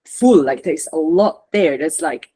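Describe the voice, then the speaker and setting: A woman channeler and coach guiding a spiritual session over a video call, talking in halting, searching phrases. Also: sits low, expressive, mellow, slightly rough. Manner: halting, searching, relays messages.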